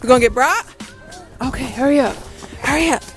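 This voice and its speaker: A woman's voice: sits high, fairly quick, music in the background. A young mother filming her family in a snowy backyard, talking casually and teasing the kids with lots of laughter. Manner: playful, teasing, laughing often. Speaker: vlogger, mother.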